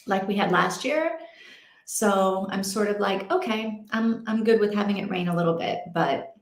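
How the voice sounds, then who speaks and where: A young adult woman hosting a casual read-along stream from home, chatting in a rambling way and laughing often. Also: mid-range voice. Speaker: livestream host. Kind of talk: casual chat. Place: home in Portugal. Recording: roomy echo.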